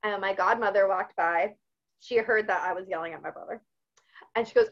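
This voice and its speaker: On a podcast interview, a woman who is an author and fitness expert appears as a guest, sharing personal stories in an open, animated way. Her voice is medium-pitched at a normal pace, and the recording sounds lo-fi.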